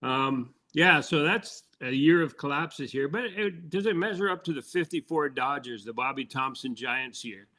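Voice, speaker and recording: A man's voice: a little high, animated, moderate pace, few pauses, bright, forceful tone. Older man, chatty baseball storyteller. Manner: storytelling, laughs while recounting anecdotes. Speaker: podcast co-host, former baseball insider. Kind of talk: casual sports chat.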